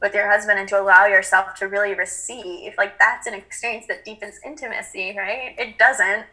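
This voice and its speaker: A woman's voice: medium pitch, fairly even intonation, normal speed, sharp tone, poor audio. A woman speaking earnestly and reflectively in a casual spiritual chat, with frequent fillers.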